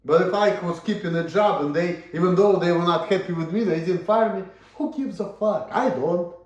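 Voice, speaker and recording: A man's voice: high-pitched, normal speed, a little mellow. A man with a first language of Russian, ranting in a blunt, profane vlog monologue, repeating himself and asking "you see?". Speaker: vlogger. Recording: roomy echo.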